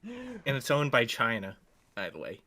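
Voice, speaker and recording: A man's voice: medium pitch, wildly swooping pitch, normal speed, sharp tone. A man co-hosting a casual commentary podcast, talking bluntly and crudely with lots of fillers and restarts. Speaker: podcast co-host.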